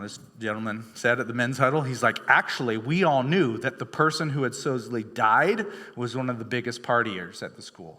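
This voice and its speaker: This pastor's voice is mid-range, bright, and forceful. He preaches in a church sanctuary like he's telling a story over coffee, with plenty of fillers and restarts, all echoing in long hall reverb.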